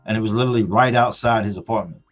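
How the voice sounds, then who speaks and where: A man in his forties, hosting a livestream, telling a personal story in a casual, emphatic, animated way. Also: fairly low pitch, very fast. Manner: emphatic, animated retelling with colloquial speech. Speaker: livestream host. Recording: muffled audio with faint music.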